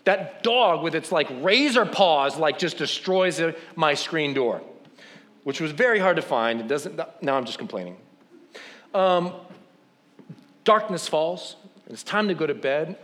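A man's voice: fairly high pitch, a little slow. A man preaching, telling a funny, self-deprecating story and acting out what people said. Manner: animated, self-deprecating, acts out quotes. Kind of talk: humorous sermon storytelling.

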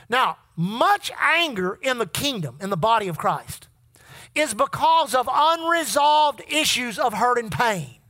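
Preacher mid-sermon with a sharp, bright voice, leading the crowd to echo lines back. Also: high voice. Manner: call-and-response with the congregation; reads scripture in King James wording.

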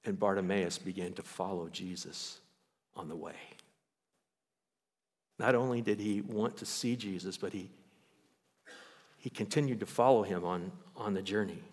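A man's voice: low-pitched, normal speed, pauses often. A male pastor preaching a sermon in church. He tells Bible stories with animation and raises his voice to act them out. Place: church sanctuary. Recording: long hall reverb.

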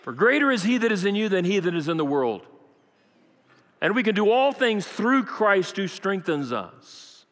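A man preaches a Sunday sermon, his somewhat high voice ringing with long reverb through a large sanctuary. He builds a story with dramatic swells and drops into wry asides for the congregation. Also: sing-song, moderate pace. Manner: dramatic storytelling with acted quotes, rising to loud peaks. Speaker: pastor. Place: church sanctuary.

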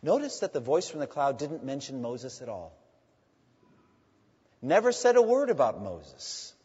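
A man preaching a sermon as a pastor, emphatic and swinging between loud and hushed. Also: medium pitch, big pitch swings, measured pace, slightly rough. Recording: dull sound in a long-reverb hall.

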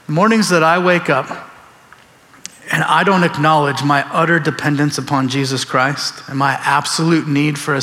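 Guy pastor preaching, animated, acts out bible people, fairly high voice, big echoey church. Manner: animated, acts out biblical figures in quoted voices. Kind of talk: sermon. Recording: long reverb of a large hall.

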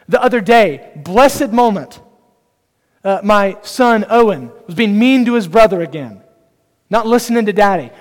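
A man's voice: high-pitched, animated, a little slow, big-room sound. A man preaching a sermon as pastor, earnest and direct, putting rhetorical questions to the congregation.

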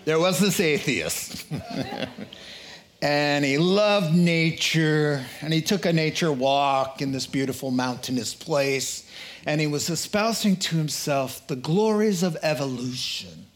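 A man preaching a sermon, telling a joke and acting out the characters in quotes with an animated delivery. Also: on the high side, slow.

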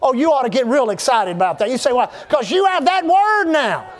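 A man's voice: very high voice, very animated, fairly quick. A man preaching a sermon as pastor, fervent and rousing, asking the congregation to respond.

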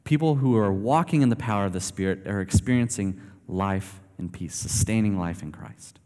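Casual preacher in a reverberant hall. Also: male voice, on the low side, normal speed. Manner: conversational, animated storytelling. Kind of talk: sermon.

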